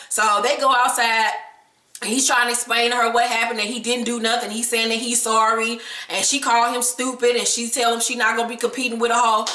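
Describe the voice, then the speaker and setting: A woman gives a blunt, gossipy recap of a reality show, full of profanity. Her voice is bright and a little high. She sounds echoey and somewhat far from the mic. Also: level tone, a little fast. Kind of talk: sassy episode recap commentary.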